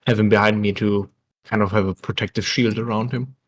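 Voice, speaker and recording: A man's voice: on the low side, steady tone, fairly quick. A man playing a tabletop game, speaking hesitantly with many restarts. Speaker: player.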